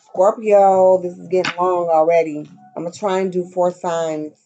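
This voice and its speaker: A woman's voice: fairly low pitch, little pitch movement, moderate pace, dark tone, dull audio, soft background music. Blunt, cussing woman reading tarot. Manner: blunt, profane, chatty, sings snatches. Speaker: tarot reader.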